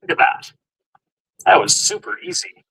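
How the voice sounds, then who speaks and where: A man's voice: moderate pace, sharp tone, poor audio. A man walking viewers through a do-it-yourself car job in casual, step-by-step how-to narration. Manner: step-by-step explaining, plain and upbeat. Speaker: DIY car vlogger.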